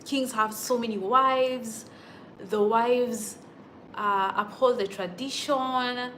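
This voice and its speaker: A woman's voice: fairly high pitch, fairly even intonation, takes it slowly, fairly bright tone, slight background noise. A young Kenyan woman hosting a casual livestream from home, reading viewer comments in an emotional, indignant, exclamatory way. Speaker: livestream host.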